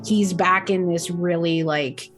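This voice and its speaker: Slow-talking woman game master. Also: fairly low pitch, soft background music, poor audio. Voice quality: casual, relaxed. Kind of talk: narrating a tabletop game.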